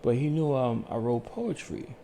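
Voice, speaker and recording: A man calmly telling his life story on his own channel, in a soothing, unhurried way with pauses. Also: medium pitch, a little hiss or hum. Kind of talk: slow reflective storytelling.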